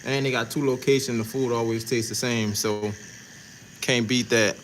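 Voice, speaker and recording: This man is a tattoo artist from New Orleans, chatting loosely with livestream viewers as he works and saying hello to them in laid-back slang. He talks at a moderate speed with a medium pitch and fairly even intonation. Audio quality is poor, with slight background noise.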